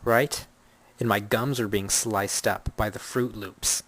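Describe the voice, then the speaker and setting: A man's voice: fairly low pitch, fairly even intonation, slow pace, a bit bright. A young man hosting his own podcast, talking through a rambling, self-deprecating comic monologue and acting out the dialogue. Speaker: podcast host.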